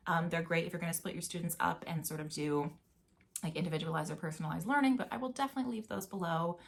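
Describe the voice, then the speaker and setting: A woman's voice: fairly low pitch, fast talker, gravelly. A young adult woman, a music teacher, giving a casual, chatty video lesson and chanting rhythm words now and then.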